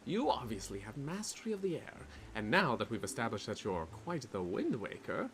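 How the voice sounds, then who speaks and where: A man's voice: mid-range voice, big pitch swings, moderate pace, fairly bright tone. Man doing a cheerful boastful wind spirit. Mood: playful. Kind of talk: reading game dialogue aloud in character.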